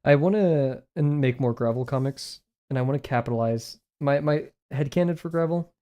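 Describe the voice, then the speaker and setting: Young adult streamer, casual drawing-stream chatter, rambly and self-mocking, dark mellow tone. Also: medium pitch, moderate pace, hardly any pauses. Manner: rambling, self-deprecating, muttering to self. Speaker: livestreaming artist. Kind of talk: casual chat while drawing on a livestream.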